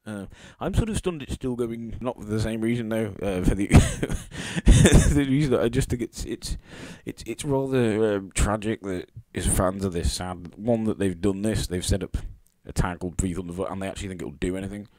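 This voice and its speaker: Low-voiced sarcastic man reading tweets. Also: animated, normal speed, hardly any pauses, warm tone, dry recording. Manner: sarcastic, scornful, with mock sympathy. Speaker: YouTube commentator.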